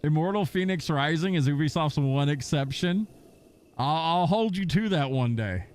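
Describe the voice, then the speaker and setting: A young man streaming and chatting with viewers, telling stories in a profane, animated way and slipping into mocking impressions. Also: fairly high pitch, moderate pace, smooth. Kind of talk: casual chat with stream viewers.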